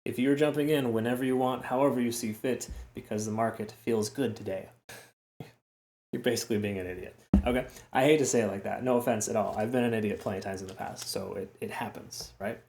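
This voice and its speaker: A man's voice: medium pitch, fairly even intonation, quick pace, few pauses, darkish tone, slight background noise. A man hosting a casual crypto chart analysis, chatty and repetitive, often tagging lines with "okay?" and "right?". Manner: chatty, repeats words, frequent "okay?" and "right?" asides. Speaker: crypto trading host. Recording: roomy echo.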